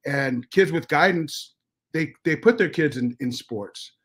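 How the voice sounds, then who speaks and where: A middle-aged American man telling stories as a podcast guest, animated and profane, with many restarts. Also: on the high side, measured pace, breathy edge. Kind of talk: casual storytelling.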